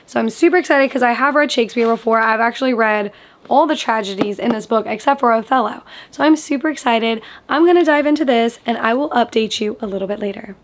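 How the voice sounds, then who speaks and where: A woman's voice: a little high, fast, a little hiss or hum. Enthusiastic, chatty young woman book vlogger. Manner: enthusiastic, chatty, many "like" fillers. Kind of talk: casual book review vlog.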